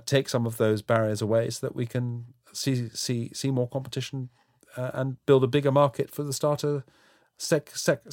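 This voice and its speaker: A middle-aged man answering interview questions frankly and at a measured pace, often restarting his sentences. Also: mid-range voice, no echo, clean studio sound. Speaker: interview guest, housing developer.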